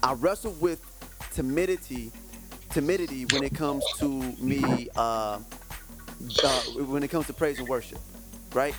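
A man hosting a casual faith podcast, talking in an animated, rambling way with many restarts and frequent laughs. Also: medium pitch, measured pace, pauses often, over loud music. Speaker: podcast host.

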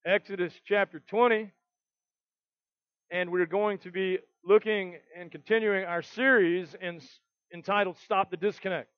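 A man's voice: high voice, fairly even intonation, unhurried, no room sound, muffled recording. A man preaching a sermon, reading scripture aloud and stressing key words earnestly. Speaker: pastor.

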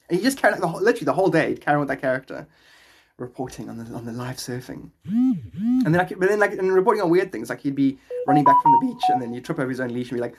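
Gravelly, husky South African man streaming. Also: fairly high pitch, very animated, rapid-fire. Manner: chatty, rambling, laughs often. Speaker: live streamer. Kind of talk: casual chat with live chat viewers.

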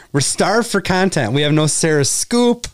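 Podcast host guy, smooth clear voice, dry close sound, easygoing. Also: on the high side, animated, a little slow, dry recording. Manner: easygoing, prompting questions. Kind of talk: casual chat.

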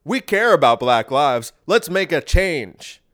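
Brief: a man doing a loud, self-satisfied official brushing off a problem. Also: fairly high pitch, sing-song, slow pace, full character voice. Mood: smug. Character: smug, dismissive officials congratulating themselves.

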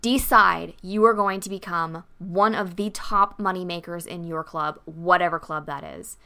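A woman's voice: fairly low pitch, moderate pace, pushed and bright, clean tone. A woman vlogger telling a story and giving emphatic, motivational advice to dancers.

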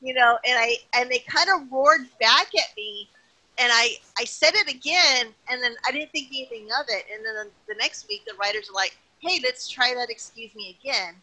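A middle-aged woman, a retired wrestling personality, chatting as a guest in an interview and telling lively anecdotes. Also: fairly high pitch, normal speed, poor audio. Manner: animated, chatty, tells anecdotes with acted-out quotes. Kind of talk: casual interview storytelling.

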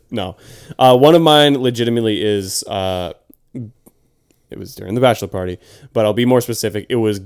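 A man's voice: lowish voice, moderate pace, pauses often, clean tone. A man in casual podcast chat among friends, laid-back and swearing often.

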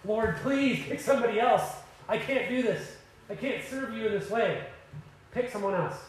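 A desperate Moses begs to be spared, his voice pushed up high and strained, as a preacher acts him out. The pleading rings around a roomy church space. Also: expressive, moderate pace, dark tone, a little hiss or hum. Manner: pleading, begging.

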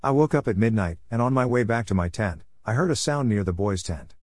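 Low-voiced man narrating a story. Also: expressive, brisk, darkish tone, no room sound, clean studio sound. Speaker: audiobook narrator. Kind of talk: scripted narration.

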